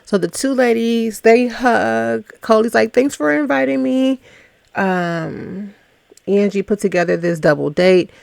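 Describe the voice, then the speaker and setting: A woman's voice: fairly high pitch, measured pace, creaky, a little mellow, dry recording. A woman hosting a casual reality TV recap, chatty and gossipy with teasing asides.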